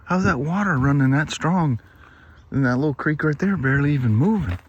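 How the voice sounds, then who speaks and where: A man's voice: on the high side, lively intonation, fairly quick, muffled recording, slight background noise. A middle-aged man vlogging outdoors on a rural road with a clip-on mic, chatting in a folksy, rambling way. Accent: Pacific Northwest American. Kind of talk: casual vlog chat. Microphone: wireless clip-on mic.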